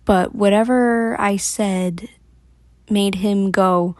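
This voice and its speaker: A woman vlogger tells a long story straight to camera, chatty and animated, breaking into laughs along the way. Her voice has a gravelly fry to it and sits at an ordinary pitch. The sound is dry and close. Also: very slow, dry recording.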